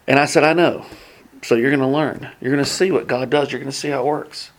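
A man teaching a Bible class in a casual way, telling personal stories earnestly and excitedly, often restarting his sentences. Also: mid-range voice, quick pace.

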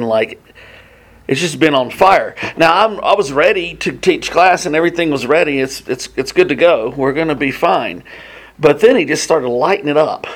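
A man of medium pitch leads an informal Bible class, recounting his own experiences earnestly and excitedly. His sentences often break off and begin again.

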